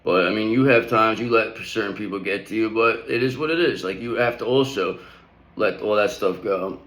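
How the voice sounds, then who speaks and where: A man's voice: lowish voice, moderate pace, fairly bright tone, echoey room, low-quality recording. A man giving a casual spiritual tarot reading, talking in a loose, rambling, slangy way with frequent check-ins to the listener. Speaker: tarot reader.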